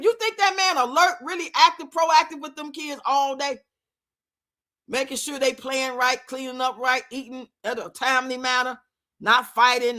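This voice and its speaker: A woman with a high, bright voice, a streamer and commentator, rants bluntly in casual live-stream commentary picked up by a streaming mic. She scolds and curses freely, profanity running all through it.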